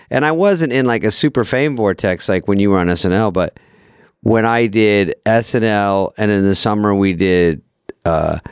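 A man's voice: lowish voice, smooth, no room sound, studio quality. A man co-hosting a podcast, asking rambling, stop-start questions in casual chat. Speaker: podcast co-host.

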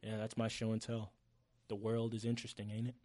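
Animated, swearing young man on a podcast. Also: lowish voice, a little fast. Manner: animated, swears freely, slangy. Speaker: podcast co-host. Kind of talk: casual chat.

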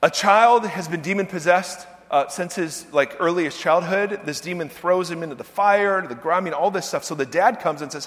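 High-voiced preacher in a reverberant hall. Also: male voice, normal speed, few pauses. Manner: animated, swings from quiet to loud emphatic. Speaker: pastor. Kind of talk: sermon.

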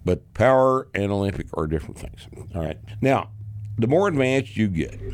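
A man's voice: fairly low pitch, normal speed. A man hosting a podcast, chatting casually, swearing freely and laughing as he tells stories and answers listener questions. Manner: profane, laughing, animated storyteller. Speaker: podcast host.

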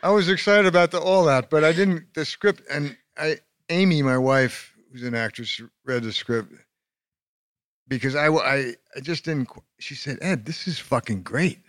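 A man's voice: a little high, normal speed, fairly bright tone, clear, resonant tone, no room sound. Man, actor, dry close sound; wry, stammering candor. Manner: joking, candid, stammering restarts. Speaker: actor on a festival panel. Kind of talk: panel discussion.

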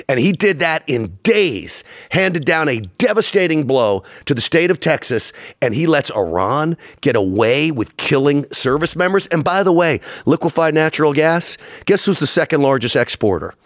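A man's voice: on the high side, dry recording, clean studio sound. A man hosting a political talk show from Texas, speaking in a heated, emphatic way. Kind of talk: political commentary. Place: studio in Texas.

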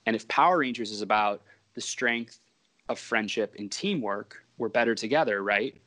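A man's voice: fairly low pitch, moderate pace, pushed and bright. A comic book writer, a man, telling stories in a casual interview and rambling and interrupting himself as he talks.

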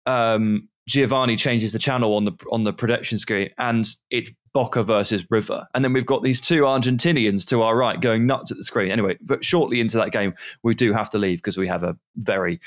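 A man co-hosting a podcast, telling a rambling, animated travel story in a casual chat. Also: on the low side, fairly quick, hardly any pauses. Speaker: podcast co-host.

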